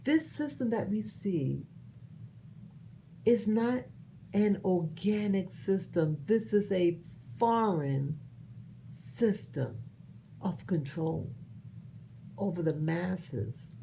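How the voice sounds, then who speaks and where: A woman from the United States giving her personal commentary, earnest and halting, often restarting her sentences. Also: lowish voice, animated, creaky, dark tone, slight background noise, poor audio. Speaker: vlogger sharing opinions.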